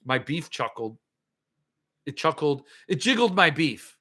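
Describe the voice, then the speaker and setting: Bright-voiced man ranting casually. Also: on the high side, sing-song, measured pace. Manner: ranting, sarcastic, reads and answers chat comments. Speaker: podcast host. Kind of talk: casual livestream chat.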